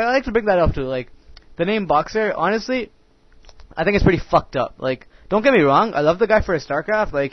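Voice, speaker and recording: Heard through a dull, dry lo-fi microphone with no room sound, a young man whose voice sits a little high rants crudely while commentating on his own match. Filler words crowd nearly every line, and the language is profane.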